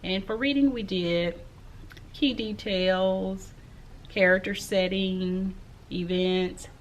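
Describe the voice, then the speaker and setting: A middle-aged woman, an elementary school teacher, talking casually to camera in a slow, soft-spoken, reflective way with frequent pauses. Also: mid-range voice, fairly even intonation, slight background noise. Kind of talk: casual vlog talk to camera.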